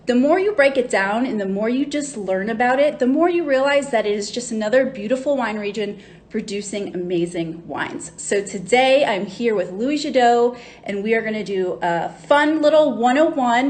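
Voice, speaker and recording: A woman's voice: on the high side, moderate pace. Bubbly woman hosting a wine livestream. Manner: bubbly and chatty, greeting viewers as they join. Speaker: wine educator hosting a live tasting. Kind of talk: casual livestream chat. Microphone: phone livestream mic.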